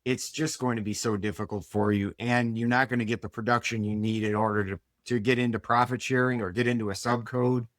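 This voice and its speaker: A man's voice: medium pitch, steady tone, brisk, hardly any pauses, fairly bright tone, no echo, clean studio sound. A man with a US Northeastern accent on a panel, talking in an earnest, emphatic way and laughing easily. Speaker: co-host. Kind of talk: casual panel talk.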